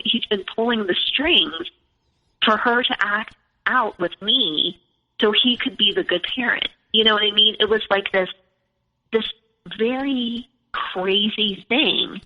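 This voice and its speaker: A woman's voice: mid-range voice, a little slow. A woman in her forties telling her own story as a podcast guest, chatty and full of "like" and "you know". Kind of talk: personal storytelling in conversation. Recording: lo-fi with long reverb.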